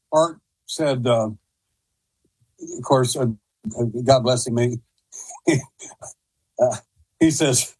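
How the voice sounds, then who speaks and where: A man talking as a guest on a talk show, his voice husky and a little breathy. He tells long stories in a rambling way, stopping and starting often. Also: mid-range voice, darkish tone, low-quality recording. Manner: rambling, hesitant, with many restarts. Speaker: guest investigator. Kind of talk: casual storytelling.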